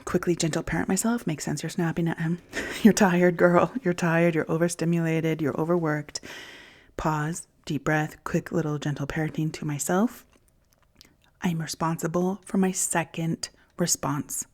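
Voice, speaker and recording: A woman hosting a podcast, speaking in a candid, reflective monologue that often drops into soft whispers, with casual swearing. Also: sits low, flat delivery, normal speed. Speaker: podcast host.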